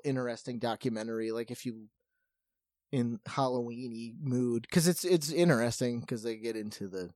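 This man co-hosts a podcast and rambles through a long story in a casual, animated chat, with lots of fillers along the way. His voice is mid-range, and the recording is dry and studio quality.

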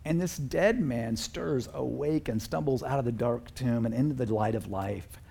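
Male pastor, husky timbre, earnest conversational sermon delivery. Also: medium pitch, normal speed, warm tone. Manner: conversational, earnest, with fillers and chuckles.

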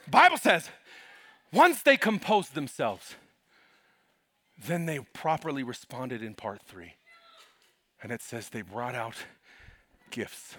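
A man pastor preaching a sermon in an animated, humorous way, calling out to the congregation. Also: a little high, measured pace, pauses often.

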